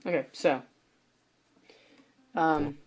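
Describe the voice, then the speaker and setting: A woman's voice: low voice, steady tone, extremely slow. A woman hosting a casual podcast, chatting in a rambling, self-deprecating way and improvising songs on guitar. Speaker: podcast host. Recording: loud guitar music underneath.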